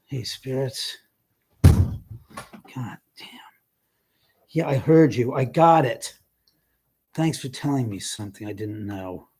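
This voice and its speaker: A man hosting a live ghost-hunting stream from inside his house, grumbling and cursing to himself as he scolds unseen spirits, swinging from sudden loud outbursts to whispered mutters. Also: medium pitch, measured pace, slightly rough. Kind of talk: live stream, casual chat. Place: indoors in his own house, moving between rooms and stairs.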